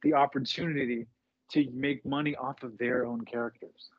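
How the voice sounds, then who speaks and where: Husky man rambling on a lo-fi mic. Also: mid-range voice, steady tone, normal speed. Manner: rambling, hesitant, repeats himself. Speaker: podcast co-host. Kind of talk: casual chat. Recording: muffled lo-fi recording.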